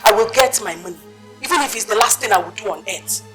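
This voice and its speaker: A woman's voice: mid-range voice, fast talker, a bit bright, faint music behind, natural voice. An actress playing a desperate married woman demanding her lost savings in a film drama. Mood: angry. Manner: pleading and insistent. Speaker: investor.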